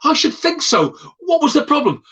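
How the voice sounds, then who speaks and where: A man voicing an indignant middle-aged English landlady who asks prim, sharp questions. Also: mid-range voice, huge pitch swings, fast talker, husky, recorded from a distance, exaggerated voice.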